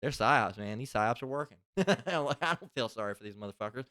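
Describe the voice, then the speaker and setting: Smooth-voiced man giving a rambling religious lesson. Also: medium pitch, expressive, a little fast, sharp tone, dry recording, studio quality. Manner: rambling, profane, conversational. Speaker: religious teacher. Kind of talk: casual spoken scripture lesson.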